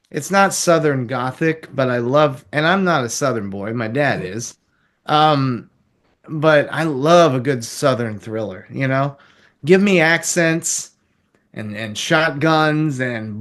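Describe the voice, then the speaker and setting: A man's voice: mid-range voice, fairly bright tone. A man reviewing a film in casual chat, rambling and chuckling as he talks.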